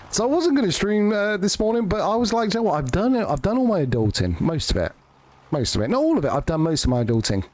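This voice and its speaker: Brief: male streamer, slightly high voice, very animated, jokey and profane. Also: moderate pace, long pauses. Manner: joking, sweary, rambling with restarts. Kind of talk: casual live-stream chat.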